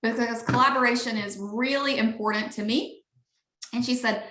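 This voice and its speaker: A chatty woman with a Southern Alabama twang gushes through a sales pitch on a video call. Her voice sits a little high and rings bright and forceful. The sound carries the echo of a roomy space. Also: steady tone, moderate pace. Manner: upbeat, gushing, chatty. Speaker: network marketing leader.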